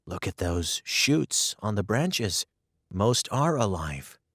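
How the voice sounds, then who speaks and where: A man voicing a gentle, good-natured country boy in a storybook reading. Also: fairly low pitch, big pitch swings, takes it slowly, no echo, clean studio sound, exaggerated voice.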